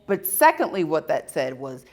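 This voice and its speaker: A woman giving a live talk at an expo, telling personal stories with emphatic, dramatic pauses. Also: low-pitched, big pitch swings, a little mellow. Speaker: speaker at a spirituality expo. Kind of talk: live storytelling talk to an audience.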